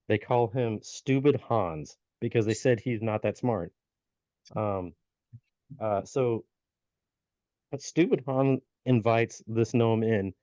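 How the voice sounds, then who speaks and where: A man's voice: medium pitch, mellow, no room sound. Give me a man rambling through a folk tale on a podcast, dry and close on the mic. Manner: rambling retelling with many fillers and restarts. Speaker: podcast co-host. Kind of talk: casual storytelling chat. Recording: dull lo-fi podcast audio.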